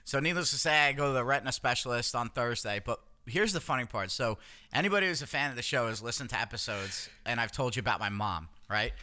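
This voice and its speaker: Man, podcast co-host, bright tone, loose profane storyteller. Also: mid-range voice, quick pace. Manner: swearing, animated storytelling with acted-out quotes. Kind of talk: casual chat.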